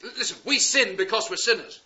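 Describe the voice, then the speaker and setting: A man preaching a sermon, impassioned and pleading, swinging from loud urgent appeals to hushed words. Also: high-pitched, lively intonation, fast talker. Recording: dull lo-fi sound.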